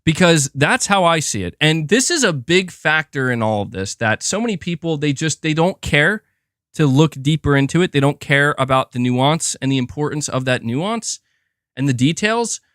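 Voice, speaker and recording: Young male streamer, profane and exasperated, high-pitched and very animated, recorded dry. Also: normal speed, no echo. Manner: profane, exasperated ranting with many repeats. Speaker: gaming commentary streamer. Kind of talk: ranting livestream commentary.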